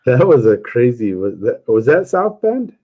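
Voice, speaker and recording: A man's voice: mid-range voice, very animated, a little slow, narrow, tinny audio. A man hosting a casual livestream chat, telling jokey stories and chuckling often. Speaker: livestream host.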